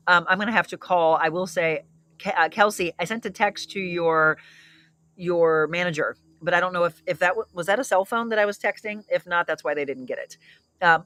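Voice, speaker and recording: A woman's voice: lowish voice, a bit bright. A middle-aged woman hosting a casual livestream, chatting upbeat and reading out viewer comments. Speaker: livestream host.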